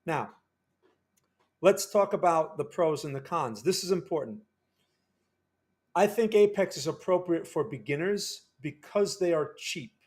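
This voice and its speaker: A man's voice: fairly high pitch, lively intonation, measured pace, long pauses, a little mellow. A man casually talking through live futures trading on a stream, chatty and repeating himself, often tagging sentences with "right?". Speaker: day trader and live streamer.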